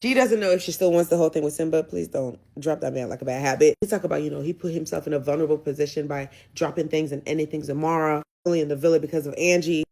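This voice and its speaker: A woman's voice: sits low, fast, few pauses, darkish tone. A woman giving a casual, sassy and blunt recap of a reality show, chatty and opinionated. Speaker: recap vlogger.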